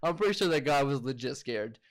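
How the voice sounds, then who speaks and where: A young man co-hosting a casual movie review chat in a relaxed, amused way. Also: medium pitch, brisk. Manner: relaxed, amused, quotes lines in silly voices. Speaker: co-host.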